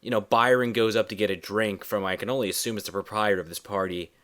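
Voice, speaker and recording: A man co-hosting a casual movie review chat, telling scenes in a lively, profane way. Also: lowish voice, quick pace. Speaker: podcast co-host.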